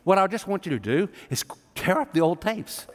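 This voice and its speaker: A man's voice: high-pitched, big pitch swings, moderate pace. A man preaching a sermon to a congregation, talking in an emphatic, conversational way. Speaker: pastor. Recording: long hall reverb, live sermon.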